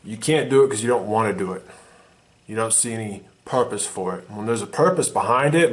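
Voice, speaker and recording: A man's voice: fairly low pitch, animated, brisk. A man giving a blunt, swearing motivational monologue to the camera as a vlogger. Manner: intense, profane, emphatic.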